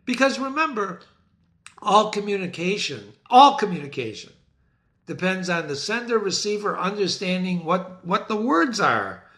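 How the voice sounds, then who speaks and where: A middle-aged man teaches classic literature to the camera in a theatrical, enthusiastic way. He often calls his viewers ladies and gentlemen. His voice sits high, swings up and down, and has a bright, forceful edge. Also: sing-song, normal speed. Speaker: literature teacher and website host.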